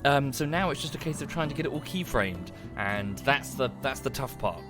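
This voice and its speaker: A man's voice: medium pitch, animated, normal speed, music in the background. A man chatting casually to viewers during a livestream, rambling and thanking them as he goes.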